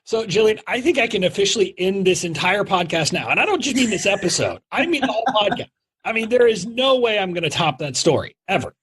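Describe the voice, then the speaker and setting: A man's voice: sits high, very animated, fast, a bit bright, husky. A man hosting a podcast interview, teasing his guest playfully before steering back to the topic. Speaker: podcast host.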